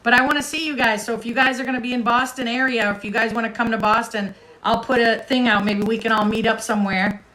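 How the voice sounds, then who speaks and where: Woman livestream host, chatty and casual, voice a bit high. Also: steady tone, fast, bright, forceful tone, low-quality recording. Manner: chatty, talks to viewers in the comments.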